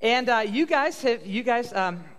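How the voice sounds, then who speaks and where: A pastor on a church stage interviewing guests in an upbeat, joking way, halting with fillers. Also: male voice, very high voice, lively intonation, fairly bright tone, a little hiss or hum. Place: church sanctuary. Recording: long hall reverb.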